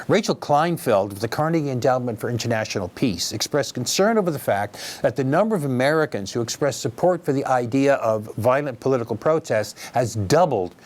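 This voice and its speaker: A man's voice: medium pitch, a little mellow. A man hosting a news commentary program, giving opinionated, wry remarks and addressing listeners directly. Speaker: commentary host.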